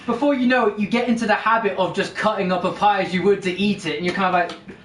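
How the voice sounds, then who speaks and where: A man's voice: high-pitched, fairly even intonation, fast, a bit bright. A man running a casual home tabletop game as game master, narrating in a rambling, self-correcting way. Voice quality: rambling, restarting often while narrating. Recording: roomy, distant, noisy home recording.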